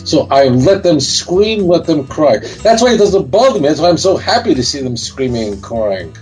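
A man's voice: on the high side, very animated, moderate pace, darkish tone, faint music behind, poor audio. A man speaking as a guest in a talk show interview, emphatic and insistent, often repeating himself.

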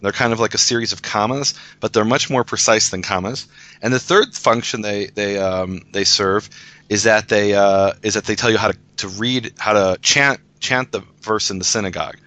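A lower-pitched man with a bright, forceful tone, patiently walking listeners through a passage in a casual discussion. He restarts sentences often as he explains, and the sound is dry and close. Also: fairly even intonation, moderate pace, no room sound. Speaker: guest teacher of Hebrew scripture.

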